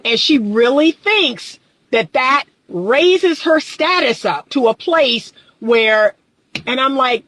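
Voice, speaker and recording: A woman's voice: high-pitched, slow pace, rough recording. A woman relationship coach talking on a livestream, reading out viewer comments and pushing back with emphatic, exasperated rhetorical questions and frequent laughter. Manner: animated, laughs often.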